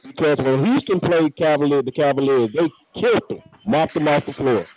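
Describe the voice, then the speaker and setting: A man's voice: fairly high pitch, fairly quick, a little mellow, no room sound, dull audio. A man chatting casually on a video call, emphatic and telling stories with quoted asides. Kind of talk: casual chat.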